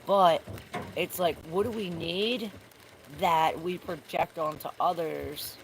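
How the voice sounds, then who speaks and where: Low raspy lady rambling thru a tarot reading outside, swears, loud rain noise behind. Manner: rambling, searching for words, swears casually. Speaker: tarot reader. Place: outdoors in the rain. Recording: noisy outdoor recording with rain.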